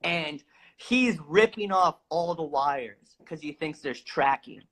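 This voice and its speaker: A man tells a rambling story with lots of energy, and his voice sits a little high. He swears freely and bursts louder whenever he acts out what people said. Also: takes it slowly, poor audio. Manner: animated, swears freely, acts out quotes loudly. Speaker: guest telling a story. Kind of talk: casual storytelling.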